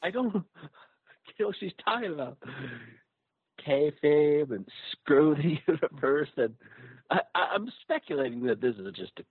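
A man co-hosting a wrestling podcast, chatting casually and excitedly, often stammering. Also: on the high side, normal speed, breathy edge, dry recording. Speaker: podcast co-host. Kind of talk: casual chat. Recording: phone-like line.

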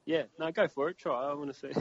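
A man with an Australian accent in casual podcast chat, animated and quick to laugh, with some mild swearing. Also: fairly high pitch, lo-fi sound.

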